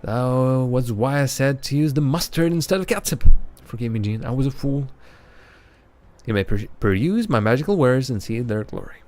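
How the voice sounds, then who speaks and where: A man's voice: mid-range voice, lively intonation, normal speed, a little mellow, lightly acted. A man voicing a distracted male troll shaman who mutters to unseen beings. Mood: muttering.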